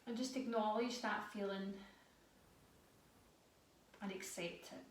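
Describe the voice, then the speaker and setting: Woman, yoga instructor, calm guided cues, off-mic in a reverberant room. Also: mid-range voice. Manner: calm, slow guiding cues. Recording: echoey room, voice a bit far from mic.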